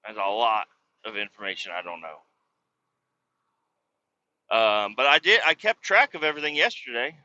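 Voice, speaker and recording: A man's voice: lowish voice, normal speed, pauses often, pushed and bright, dull audio. A man in his thirties hosting a solo podcast, ranting casually and profanely in a rambling, exasperated way. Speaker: podcast host.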